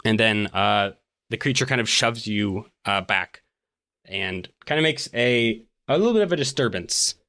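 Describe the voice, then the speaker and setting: A man's voice: lowish voice, lively intonation, normal speed, pushed and bright. A man running a tabletop game as game master, talking casually with frequent fillers.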